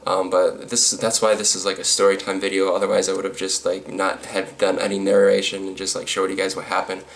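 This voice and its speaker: A man's voice: deep voice, completely flat delivery, fairly quick. A man telling a storytime vlog, rambling with lots of fillers and restarts, with a sarcastic edge. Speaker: vlogger.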